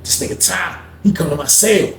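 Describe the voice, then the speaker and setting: A man casually telling a story in a slangy, animated way, recorded in an echoey room. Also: high voice, moderate pace, gravelly, a little hiss or hum.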